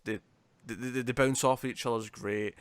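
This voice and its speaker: A man's voice: medium pitch, a little fast, clean tone, dry recording. Chatty British man on a dry mic. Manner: chatty, lively retelling with laughs and restarts. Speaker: podcast co-host. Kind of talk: casual comic review chat.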